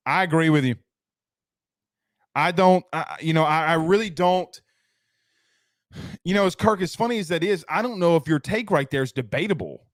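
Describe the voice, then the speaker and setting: A man's voice: fairly high pitch, lively intonation, moderate pace, pauses often, dry recording, clean studio sound. A man hosting a casual live sports talk stream, loose and slangy, reading out viewer comments and an ad. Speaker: sports talk show host.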